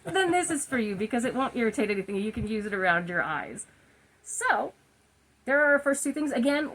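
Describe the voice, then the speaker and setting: A woman in her forties giving a casual, chatty skincare review at home, goofy and quick to laugh at her own slips. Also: a little high, rough recording. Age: 40s. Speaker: skincare vlogger. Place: her room at home, indoors.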